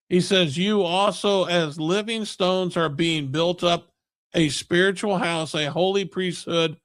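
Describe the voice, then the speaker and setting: Man preaching, high voice, unhurried, dry close sound, rhetorical questions. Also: fairly bright tone, no echo. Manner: slow, emphatic, rhetorical questions. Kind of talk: recorded Bible lesson. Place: Kearney, Missouri area church.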